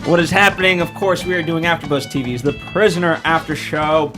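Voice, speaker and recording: An upbeat man hosts a casual talk show, his voice sitting a little high. He keeps the patter brisk while faint music plays in the background. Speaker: show host. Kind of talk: casual podcast chat.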